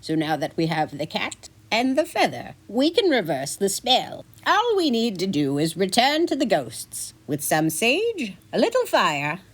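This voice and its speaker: A woman's voice: mid-range voice, huge pitch swings, a little slow, hardly any pauses. A woman voicing a flustered, fussy male wizard who scolds in an exasperated way.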